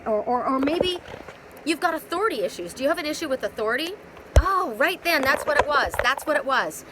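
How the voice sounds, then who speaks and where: A woman's voice: high-pitched, expressive, brisk, very noisy. A woman giving a live spiritual oracle card reading on a phone, rambling, repeating words and asking many rhetorical questions.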